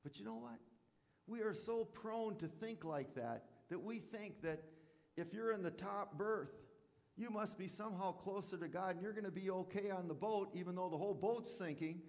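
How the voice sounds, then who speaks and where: A man's voice: high-pitched, moderate pace, darkish tone, long reverb tail. A man preaching a sermon as a pastor, talking conversationally with rhetorical questions and acted-out asides.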